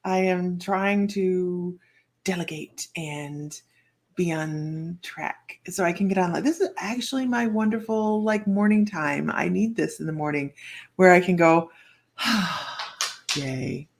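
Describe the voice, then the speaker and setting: A woman psychic reader hosts a live stream, chatting in a rambling, friendly way and greeting viewers by name. Her voice is lowish and she takes it slowly.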